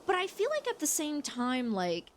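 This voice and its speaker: Young woman gaming streamer, slightly high voice, loose and frank, swears a lot, rambles casually. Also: huge pitch swings, normal speed, a little hiss or hum. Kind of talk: casual chat while playing a game.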